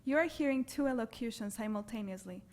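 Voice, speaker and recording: A woman with a foreign accent delivers a prepared academic talk to a hall audience. Her voice sits a touch high, and she moves through each point in a measured, deliberate way. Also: a little mellow. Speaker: graduate symposium presenter. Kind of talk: read academic presentation. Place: lecture hall.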